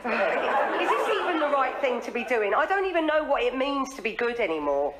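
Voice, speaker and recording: An actress playing an earnest, anxious middle-aged wife, speaking in a fretful, self-deprecating sitcom manner. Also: female voice, a little high, sing-song, normal speed, fairly bright tone, a faint crowd, a little hiss or hum. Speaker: wife and daughter. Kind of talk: sitcom acting.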